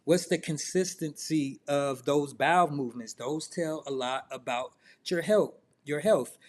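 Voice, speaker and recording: A man's voice: on the high side, a little slow. A middle-aged man coaching in a loose, conversational way, firing off questions to the listener. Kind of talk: casual self-improvement talk.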